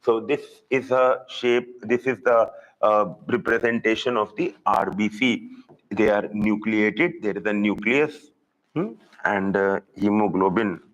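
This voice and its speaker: A man with an Indian English accent teaching a live online zoology class, repeating key terms slowly for students. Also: fairly low pitch, muffled recording.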